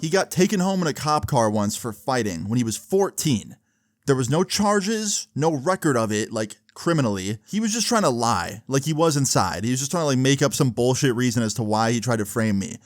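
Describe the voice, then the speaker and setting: Young male YouTuber, storytime vlog, animated, swears a lot, dry close sound. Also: medium pitch, fairly quick, no room sound.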